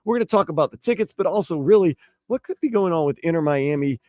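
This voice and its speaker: A man hosting sports talk radio, bantering and joking in a lively way. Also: a little high, fast. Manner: animated, jokey, puts on silly voices for stories. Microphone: studio microphone.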